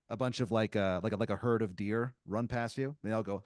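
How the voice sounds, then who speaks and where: A man's voice: fairly low pitch, brisk, hardly any pauses, dry recording, clean studio sound. A man co-hosting a podcast, rambling through an improvised story full of "like" and "you know". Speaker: podcast co-host.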